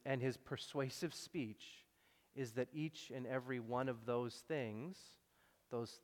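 A man preaching a sermon in a relaxed, conversational way, acting out quotes and adding wry asides. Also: mid-range voice. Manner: conversational, acts out quotes, self-deprecating asides. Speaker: pastor. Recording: long reverb in a large hall.

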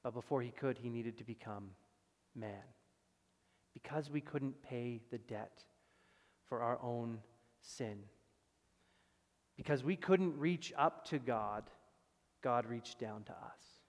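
A man preaching a sermon as pastor, with emphatic loud stresses that drop to quiet, low passages. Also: takes it slowly, pauses often. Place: church sanctuary. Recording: long reverb of a church hall.

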